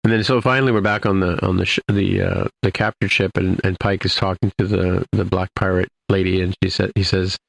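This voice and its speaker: A man's voice: low-pitched, little pitch movement, fairly quick, gravelly, hardly any pauses, no room sound. A man co-hosting a podcast, casually recapping an episode in a rambling way, full of restarts and "you know". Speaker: podcast co-host.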